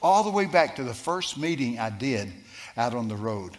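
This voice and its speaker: A man preaching a sermon, telling a personal story in a folksy, animated way with some stammering. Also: medium pitch, normal speed. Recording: long reverb of a large hall.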